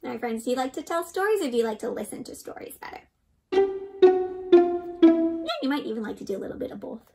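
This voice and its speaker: A woman's voice: a little high, animated, fast talker, gravelly, recorded from a distance, loud music behind the voice, poor audio. A woman reading a picture book aloud to children, playful and asking her young listeners questions. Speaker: children's read-aloud storyteller.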